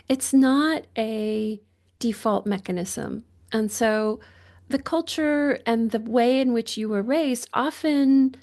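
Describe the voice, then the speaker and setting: A woman with a medium-pitched, gravelly voice speaks as a guest doctor on a podcast. Reflective and searching, she often backtracks to rephrase and laughs quietly.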